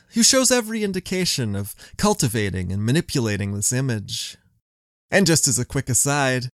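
A man's voice: medium pitch, no room sound, clean studio sound. A man hosting a history podcast, telling the story in scripted narration with wry asides.

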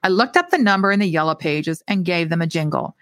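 Author reading her own short story: woman, animated, very dry sound. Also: fairly low pitch, fast talker, dry recording. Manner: lively, expressive delivery.

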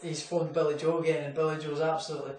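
Rapid-fire and level-toned, a young Scottish boxer with a fairly high, darkish voice is caught on a distant mic in an echoey room with faint hum. His casual interview is a string of rambling stories full of fillers and laughter.

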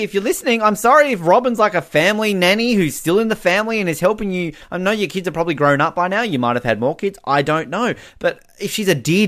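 Man, casual recap chat, lively swooping pitch, quick giggly delivery. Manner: animated, many "like" fillers, giggles often. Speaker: podcast co-host.

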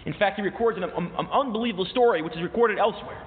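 A man's voice: high voice, racing. A man preaching a sermon as a rabbi, impassioned, his voice rising sharply on repeated questions. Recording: tinny, echoey hall recording.

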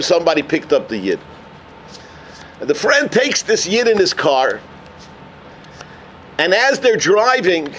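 High bright-voiced man telling a sermon story. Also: slight background noise. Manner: animated storyteller, sprinkling Yiddish and Hebrew terms; builds to emphatic near-shouting at the climax. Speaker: rabbi giving a Torah talk.

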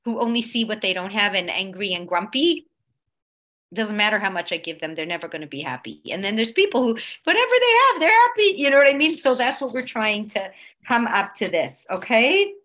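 Woman, religious class teacher, conversational, expressive swings in loudness, keeps checking in with listeners. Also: brisk. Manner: expressive, swings between loud emphasis and soft low tones.

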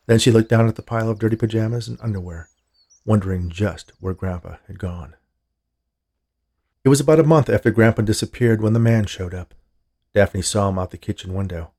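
A man narrating a horror story in a measured storytelling manner. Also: medium pitch, gravelly, dark tone, slightly rough.

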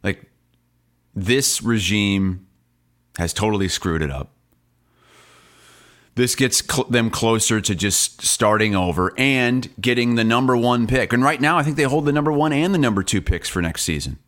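A man co-hosting a sports podcast, talking casually and telling animated stories with laughs and voices of other people. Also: medium pitch, moderate pace.

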